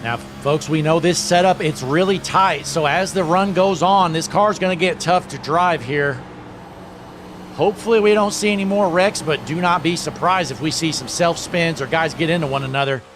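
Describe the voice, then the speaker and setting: Male race caller, slightly high voice, noise behind him, play-by-play that gets loud and excited. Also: normal speed. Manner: excited, raising his voice at the green flag. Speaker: race commentator. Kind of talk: play-by-play sim racing commentary.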